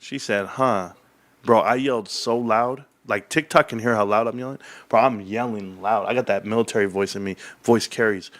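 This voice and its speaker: A man's voice: lowish voice, normal speed. A man hosting a casual livestream, rambling and joking as he chats and reads the chat. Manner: rambling, animated, jokey. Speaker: livestream host.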